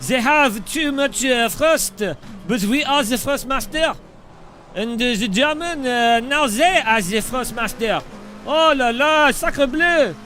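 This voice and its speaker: A man voicing a flustered French company boss in a mock French accent, hesitant and halting. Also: very high voice, lively intonation, pushed and bright, soft background music, heavily acted.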